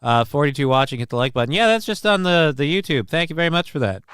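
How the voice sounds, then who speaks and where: A man's voice: on the high side, sing-song, quick pace, fairly bright tone, smooth, dry recording, studio quality. A man from the American Midwest hosting a casual livestream, joking and rambling as he comments on the news. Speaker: host.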